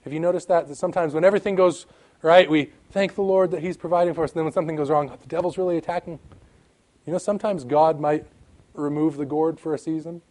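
A man's voice: fairly high pitch, fairly even intonation, fast talker, a little mellow. A man preaching a sermon, reading scripture aloud with emphatic rises and drops in his delivery. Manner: emphatic, rising and falling, reads scripture aloud.

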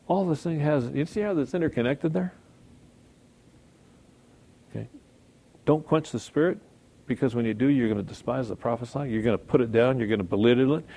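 A man's voice: medium pitch, warm tone. A middle-aged male pastor preaching a sermon in a conversational way, often checking in with the congregation.

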